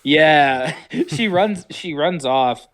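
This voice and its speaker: A man's voice: on the high side, animated, very slow, a bit bright. A man co-hosting a casual podcast, joking around and often slipping into mock voices. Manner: jokey, slips into mock Australian voices. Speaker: podcast co-host. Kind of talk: casual chat. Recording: audible background noise.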